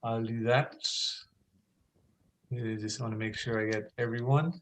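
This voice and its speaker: A man who coaches storytelling, talking on a video call. He is an animated storyteller who acts out scenes and often restarts his sentences. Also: mid-range voice, unhurried, a little hiss or hum, poor audio. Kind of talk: conversational talk on a video call.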